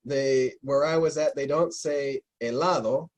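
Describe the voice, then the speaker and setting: A man telling lively anecdotes in a casual interview, slipping into imitations of the people he met. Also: mid-range voice, measured pace. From North America. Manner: animated anecdotes, mimics Spanish speakers. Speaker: interview guest. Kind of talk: storytelling in casual conversation.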